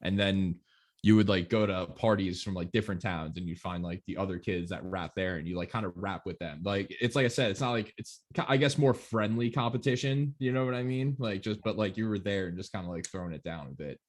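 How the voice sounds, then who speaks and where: A young American man in his twenties talks as a guest, relaxed and easygoing. His voice sits very low, and nearly every phrase is padded with "like". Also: brisk. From United States. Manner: laid-back, says "like" constantly. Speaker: guest rapper. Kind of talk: casual interview talk.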